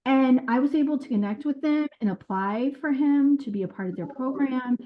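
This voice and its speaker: A woman who was a caseworker, telling her experiences in an interview in an earnest, animated way with quoted dialogue. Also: high voice, moderate pace. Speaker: former caseworker. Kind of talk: recounting stories in an interview. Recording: dull lo-fi sound.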